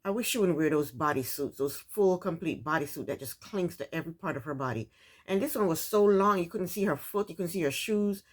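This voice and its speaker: A woman's voice: fairly low pitch, fairly quick. Woman host, casual recap chatter, blunt and opinionated. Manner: opinionated, chatty, rhetorical asides to the cast.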